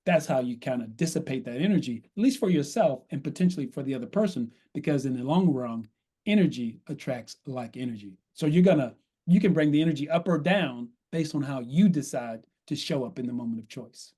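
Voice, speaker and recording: A man, a consultant guest on a podcast, explaining in a measured way and often checking in with "right?". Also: medium pitch, expressive, dark tone, husky. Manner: measured, repeats "right?", acts out sample dialogue. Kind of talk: podcast interview, coaching explanation.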